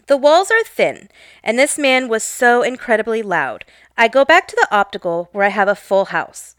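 A woman telling a comedic story from her job with wry, animated delivery. Her voice sits a bit high and moves lively up and down. The recording is dry and close. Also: moderate pace, no room sound. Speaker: optician telling a work story.

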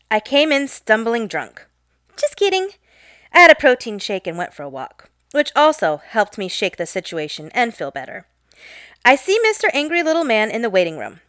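Sarcastic lady telling a work story, lively bouncy voice, fairly high, dry close sound. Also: normal speed, no echo. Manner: sarcastic, joking and animated. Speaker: storyteller and optical worker. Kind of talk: casual storytelling narration.

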